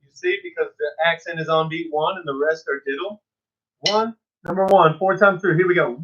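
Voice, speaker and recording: A man's voice: a little high, big pitch swings, fairly quick, fairly bright tone, dull audio, faint music behind. A man teaching an online drum lesson, chatting casually and counting students through the exercises. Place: drum studio. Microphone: phone camera.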